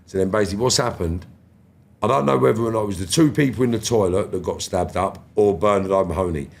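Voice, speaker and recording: A man's voice: on the low side, fast, vocal fry. A man in his fifties, a podcast guest telling stories casually and animatedly, acting out other people's lines and swearing freely. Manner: animated, acts out quoted voices, swears freely. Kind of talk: casual storytelling.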